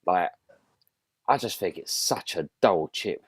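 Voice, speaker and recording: Male co-host, low and lively, exasperated, dry call audio. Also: takes it slowly, slightly rough, dry recording. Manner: exasperated ranting. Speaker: podcast co-host. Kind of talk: casual chat.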